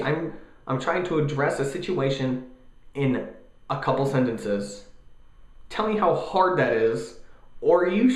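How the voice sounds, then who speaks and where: A young man in his twenties ranting casually in a vlog, animated and jokey, mocking other people's voices. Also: a little high, echoey room. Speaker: vlogger.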